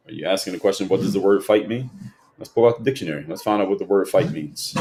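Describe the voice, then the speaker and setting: Male streamer, lower-pitched, lecturing commentary answering viewers. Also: fast, a little mellow. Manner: argumentative, lectures and rebuts chat comments. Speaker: livestream host. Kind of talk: political commentary livestream, reading chat.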